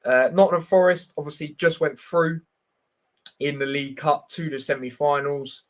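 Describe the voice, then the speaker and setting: A man with a fairly high, steady voice hosts a casual football prediction livestream at normal speed. He speaks bluntly and chattily, reads out and answers chat directly, and uses plenty of fillers.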